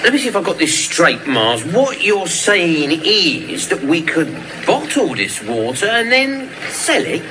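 Wheedling market trader, lively up-and-down voice, noisy TV clip. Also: male voice, high-pitched, a little slow, hardly any pauses. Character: scheming cheerful London market trader man. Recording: TV clip with background noise.

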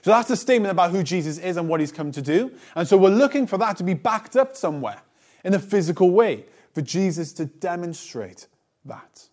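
A man delivering a sermon in a slightly higher-pitched voice. He reads scripture aloud and then unpacks it in a conversational tone with the odd light aside, and his phrases often fall away softly at the end. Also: expressive, brisk. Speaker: preacher. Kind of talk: sermon with Bible reading.

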